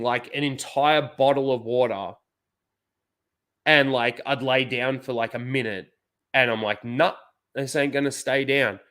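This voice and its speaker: Young Australian host, casual profane storyteller, loose and rambling delivery. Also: male voice, mid-range voice, fairly bright tone. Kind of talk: casual chat.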